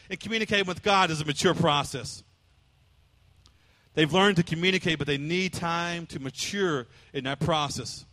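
A man's voice: fairly high pitch, fairly bright tone, long reverb tail. A man preaching a humorous sermon in a folksy, repetitive way, acting out little everyday scenes. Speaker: pastor.

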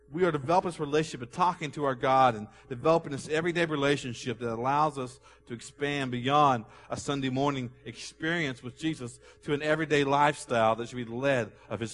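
A man pastor preaching a sermon to his congregation, asking questions for them to answer and reading scripture aloud slowly with emphasis. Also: on the high side, a bit bright. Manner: call-and-response questions to the congregation. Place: church sanctuary. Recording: long hall reverb.

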